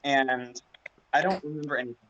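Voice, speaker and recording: A man, a drag performer, telling funny stories in casual chat on a livestream, rambling and animated. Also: medium pitch, a little fast. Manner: rambling, animated, acts out quoted voices loudly. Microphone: video call. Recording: dull lo-fi sound with clear background noise.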